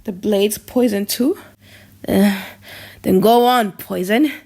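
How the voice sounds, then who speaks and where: A woman's voice: medium pitch, takes it slowly, creaky, warm tone. A woman reading the lines of a bitter young prince in an audiobook drama, wry and cutting.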